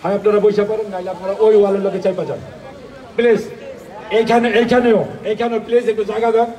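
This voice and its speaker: Fast-talking man urging a rally crowd. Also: high-pitched, little pitch movement, warm tone. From Bangladesh. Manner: rapid, pleading, repeats please. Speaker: rally organizer. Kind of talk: directing the crowd. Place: outdoor rally. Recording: echoey outdoor recording from far off.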